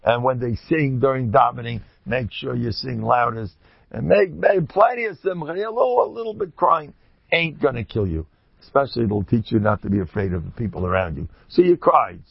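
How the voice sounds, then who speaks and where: Man, religious speaker, husky, self-mocking humor with high exclamations, dry and dull recording. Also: expressive, moderate pace, no echo. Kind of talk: informal religious talk.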